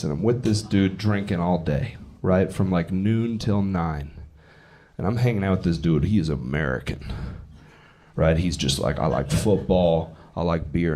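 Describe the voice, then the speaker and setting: This comedian has a low, darkish voice, and the recording carries a faint hiss or hum. He's doing crude, brash stand-up in a club, spinning stories and acting out the characters' lines. The live audience can be heard laughing behind him.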